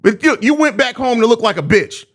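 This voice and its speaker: A man's voice: very high-pitched, expressive, brisk, a bit bright. A young man hosting a live postgame stream, ranting in exasperated, profane slang about his team's loss. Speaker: host of a live postgame show.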